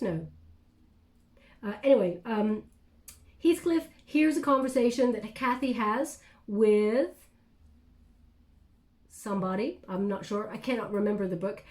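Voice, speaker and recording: A woman giving an intuitive tarot reading to camera, chatty and reflective, with many pauses and restarts. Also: on the high side, lively intonation, a little mellow. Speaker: tarot reader.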